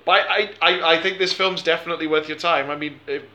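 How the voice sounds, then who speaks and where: A man hosts a casual film podcast in a bright, forceful voice. His pitch sits a little high. He rambles, jokes and laughs often. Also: fairly even intonation, fast, reverberant. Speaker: podcast host.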